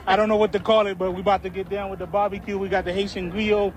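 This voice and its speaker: A man's voice: high-pitched, fast, low-quality recording. A man, a football fan, talking casually and proudly about his group's tailgate outdoors. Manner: lively, proud, casual slangy talk. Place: outdoor stadium car park.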